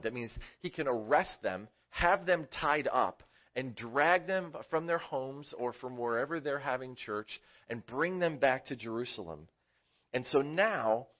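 A man's voice: medium pitch, highs cut off. Man teaching a casual Bible lesson. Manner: conversational, asks the audience questions. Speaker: children's church teacher.

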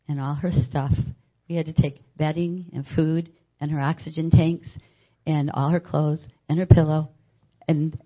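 An older woman giving a personal faith testimony as a story, animatedly acting out what other people said. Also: low-pitched. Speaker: church member giving a testimony. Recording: dull lo-fi recording.

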